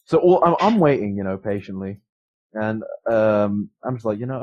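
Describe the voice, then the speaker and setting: A man's voice: lowish voice, animated, normal speed. A young man hosting a podcast, telling a rambling, profane story with many fillers and restarts. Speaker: podcast host. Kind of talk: casual storytelling chat. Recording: dull lo-fi sound.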